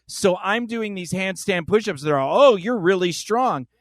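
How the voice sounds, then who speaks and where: With a high voice and moderate pace, a man hosting a podcast chats casually and tells stories animatedly, acting out the different voices.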